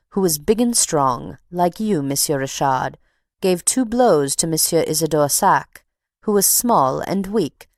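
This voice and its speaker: A woman's voice: lowish voice, dry recording, clean studio sound. Woman reading as a haughty, chatty box-keeper. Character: indignant middle-aged woman box-keeper, talkative.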